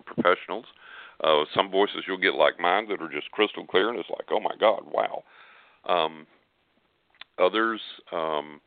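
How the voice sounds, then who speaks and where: A man's voice: low voice, no echo. An older man telling a story as a guest on a call-in radio show, earnest and rambling, with frequent restarts. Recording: tinny phone line.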